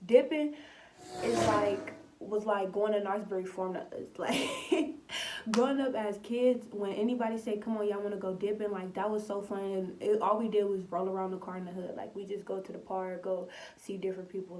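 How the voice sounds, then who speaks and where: A young woman from Compton, telling a storytime vlog in animated, slangy, filler-heavy speech. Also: mid-range voice, a little fast, slight background noise. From Compton, California. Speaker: vlogger. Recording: voice somewhat distant from the mic.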